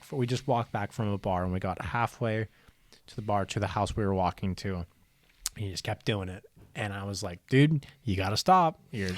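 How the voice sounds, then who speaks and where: Here a young American-accented co-host from Ohio recounts a relaxed story on a podcast, his medium-pitched voice recorded with no room sound. He's animated, curses without restraint, and performs the quotes he's relaying.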